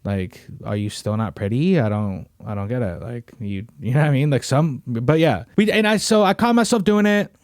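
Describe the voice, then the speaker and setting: A man's voice: medium pitch, normal speed, few pauses, darkish tone, dry recording, studio quality. A young man hosting a podcast, chatting casually in a slangy, rambling way full of "bro" and "you know what I mean". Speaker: podcast host. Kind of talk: casual chat.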